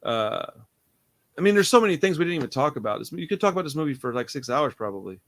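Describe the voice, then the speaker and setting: A man's voice: a little high, very animated, quick pace, a bit bright. Laid-back rambling young man host. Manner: laid-back, rambling, says dude and bro. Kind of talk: casual movie review chat.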